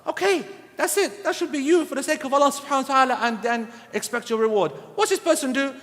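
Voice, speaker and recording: Male lecturer; high-pitched, blunt, teasing scolding tone, echoing hall. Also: fairly quick, hardly any pauses, fairly bright tone. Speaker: Islamic lecturer. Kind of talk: sermon lecture.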